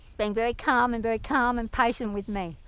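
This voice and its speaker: An anxious woman talking to camera while on horseback outdoors, hesitant and soft-spoken, speaking gently to her horse, recorded on a worn action camera. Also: on the high side, steady tone, fairly quick, clear, resonant tone, lo-fi sound. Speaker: nervous horse rider. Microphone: action camera worn by the rider.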